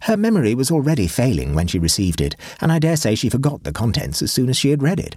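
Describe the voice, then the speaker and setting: A man voicing Egbert, an earnest, fussy young English gentleman who speaks in a raised, excitable voice. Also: fast, no room sound, studio quality. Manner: earnest, excitable, pitch rising.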